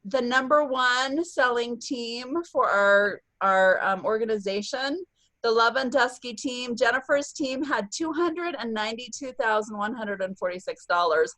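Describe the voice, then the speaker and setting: A woman's voice: fairly high pitch, unhurried, sharp tone, no room sound, rough recording. A woman leading a virtual sales-team meeting over a video call, bubbly and upbeat, cheering often. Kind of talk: upbeat online meeting announcements.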